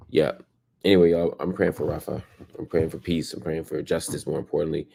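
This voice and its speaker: A man's voice: extremely low pitch, flat delivery, fairly quick, creaky, mellow, husky. A man hosting a daily news stream, reading headlines and commenting casually, tired and exhausted. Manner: reads headlines then comments, with fillers and restarts.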